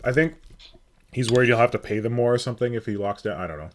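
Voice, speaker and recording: A man's voice: medium pitch, fast talker, slight background noise. A man hosting a casual live stream, joking and reading out viewers' names. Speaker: stream host.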